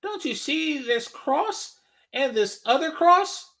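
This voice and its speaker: A man's voice: expressive, slow, vocal fry, a bit bright, full character voice. A man mocking a haughty offended woman. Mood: indignant. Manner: mocking, high-pitched indignation.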